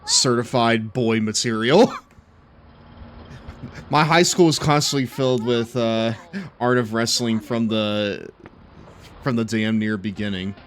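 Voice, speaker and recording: A man's voice: mid-range voice, slow, long pauses, slight background noise. Rambling young man streaming a game. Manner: rambling, laughing, lots of fillers. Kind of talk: casual chat while gaming.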